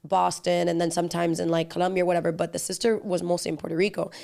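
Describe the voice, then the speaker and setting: A woman's voice: on the low side, little pitch movement, gravelly, darkish tone. A woman guest, an actress and singer, chatting casually in an interview, full of "like" and dropping Spanish phrases. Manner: fast, chatty, peppered with "like", drops Spanish phrases.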